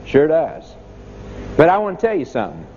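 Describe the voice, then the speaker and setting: Man, preacher, high-pitched, emphatic dramatic sermon, lo-fi recording with long hall reverb. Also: wildly swooping pitch, normal speed, a little mellow, slight background noise.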